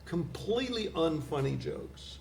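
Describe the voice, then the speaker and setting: A middle-aged man, a poet guest, chatting casually in a wry, rambling way with a gravelly voice. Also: on the high side, lively intonation, measured pace, darkish tone. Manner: wry, rambling storyteller with laughs. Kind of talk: casual chat. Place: community cable studio. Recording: roomy studio with faint hiss.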